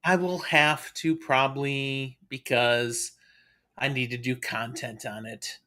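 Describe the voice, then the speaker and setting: A man's voice: medium pitch, flat delivery, takes it slowly, sharp tone. A man co-hosting a live stream, chatting casually and with enthusiasm. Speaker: podcast co-host.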